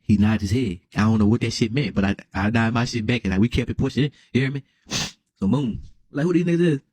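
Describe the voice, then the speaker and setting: A young man telling a wild comedic story, dramatic and excitable, full of slang and constantly asking "you hear me?". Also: mid-range voice, brisk, no room sound. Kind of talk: animated comedic story time.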